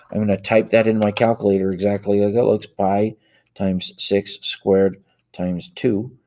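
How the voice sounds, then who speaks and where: A man whose voice is low and dark teaches math by working examples aloud. He goes step by step, typing into a calculator as he talks and correcting himself when he slips.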